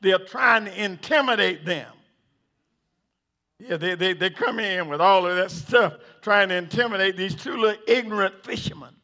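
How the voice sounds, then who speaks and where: A man preaching a sermon. He repeats words and builds up to shouting. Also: sits high, normal speed. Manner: builds to shouting, acts out the figures in the story.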